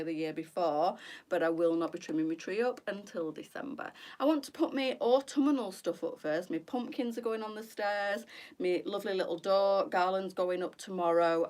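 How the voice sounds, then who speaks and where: A middle-aged woman, chatting casually to viewers on her boutique live stream and calling them girls. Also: fairly low pitch.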